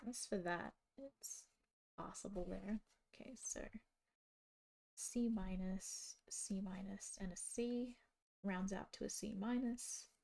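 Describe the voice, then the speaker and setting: A woman's voice: medium pitch, steady tone, takes it slowly, vocal fry, mellow. A young Australian woman and teacher, muttering to herself with lots of fillers while chatting on a live stream. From Brisbane, Australia. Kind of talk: casual live-stream chat.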